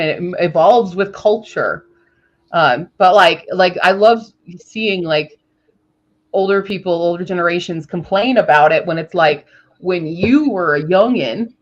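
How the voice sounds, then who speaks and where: A woman in casual group chat on a writing stream, thinking out loud and laughing easily. Her voice sits at an ordinary middle pitch. The sound is dull and lo-fi. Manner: chatty, laughs often, muses aloud. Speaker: writing sprint co-host.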